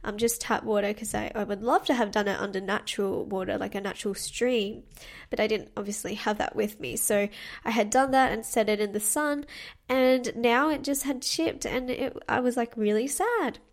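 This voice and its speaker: A young woman talks through her solo podcast from her desk at home, bubbly and chatty, often stopping to restart a phrase. Her voice sits a little higher than most women's. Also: steady tone, moderate pace. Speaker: podcast host. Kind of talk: casual solo podcast chat.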